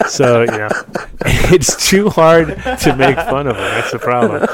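A man's voice: medium pitch, normal speed, over a noisy crowd. Rambling, self-mocking male talk-show host. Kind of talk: casual chat.

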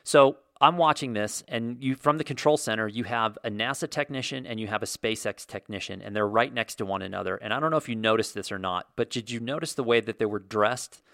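A man in his forties telling a story in a casual monologue, animated and self-deprecating, as host of his own show. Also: fairly low pitch, a little fast, gravelly, few pauses, dry recording, clean studio sound. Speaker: podcast host.

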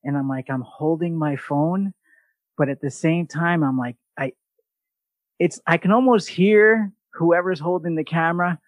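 A man's voice: on the high side, measured pace, dry recording. New man telling stories, dry sound. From New York. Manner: animated, mimics other voices in quotes, swears casually. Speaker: podcast host. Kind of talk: casual storytelling chat.

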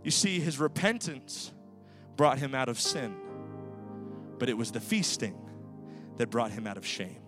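A male pastor preaching a sermon in a church, swinging rhythmically from loud to hushed. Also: medium pitch, very animated, a little slow, pauses often, music in the background. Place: church sanctuary.

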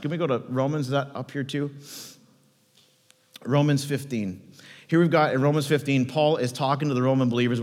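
Animated preaching man in a reverberant hall. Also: mid-range voice. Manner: animated, conversational preaching with rhetorical questions. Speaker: pastor. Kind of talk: sermon. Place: church hall. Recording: live church sermon with long hall reverb.

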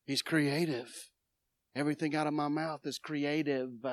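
A woman preacher, giving a dramatic sermon, moving from loud proclaiming to quiet asides. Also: low-pitched, fairly even intonation, a little slow, no echo, studio quality. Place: church sanctuary.

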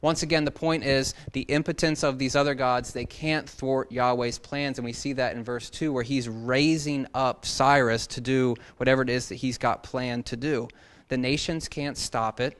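A man's voice: medium pitch, steady tone, normal speed, fairly bright tone. A man teaching a Bible passage in a casual expository sermon, talking conversationally and dropping joking asides.

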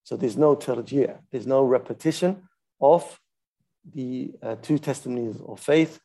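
Male religious teacher, methodical explainer, warm gravelly voice, steady and unhurried. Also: medium pitch. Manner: patient, methodical, stops to demonstrate recitations. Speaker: Islamic studies teacher. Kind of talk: explaining a classical text.

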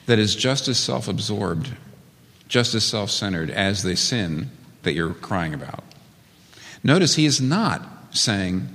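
A man's voice: mid-range voice, sing-song, moderate pace, bright, forceful tone, big-room sound. A man preaching a sermon as a pastor, speaking earnestly and emphatically and building to strong emphasis.

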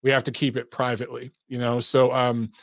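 A man's voice: mid-range voice, little pitch movement, brisk, no room sound, clean studio sound. A man hosting a casual livestream about boxing and his acting past, rambling loosely, swearing and laughing often. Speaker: boxing show host. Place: Atlanta.

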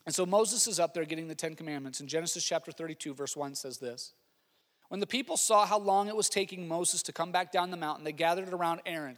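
As lead pastor, a man preaches a sermon in a slightly high voice at a fairly quick pace, with a big-room sound. He's animated, swinging between loud exclamations and quiet asides.

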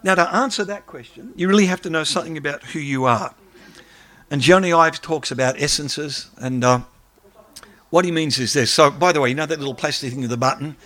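A man, an academic, giving a lively lecture and taking questions from the audience. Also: on the high side, fairly quick. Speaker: academic speaker.

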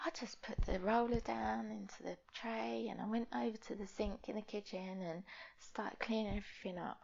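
Gravelly woman telling a story. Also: medium pitch, muffled recording. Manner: frank, rambling, with frequent fillers. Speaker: podcast guest. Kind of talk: candid conversational storytelling.

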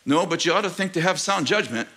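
A middle-aged man preaching a sermon to his church, animated and joking with the congregation, asking rhetorical questions. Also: high-pitched, fast. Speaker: pastor. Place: church sanctuary.

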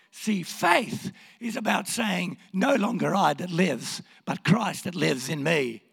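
A man preaching in a hoarse, gravelly voice, his pitch high and leaping about as he moves between quiet words and shouts. The long reverb of a church hall hangs behind every line. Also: lively intonation, slow pace. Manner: impassioned, swings from hushed to shouting. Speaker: pastor. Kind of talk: sermon.

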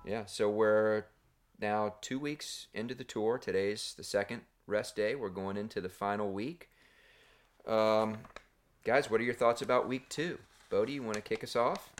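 A man hosting a casual cycling podcast chat, telling stories in a relaxed, rambling way with fillers. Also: fairly low pitch, normal speed, soft background music. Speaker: podcast host.

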